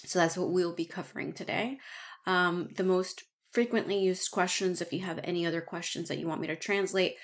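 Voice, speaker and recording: A middle-aged woman, a nurse educator, gives an online lesson on medical phrases, slowing down and repeating each phrase for learners. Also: lowish voice, fairly even intonation.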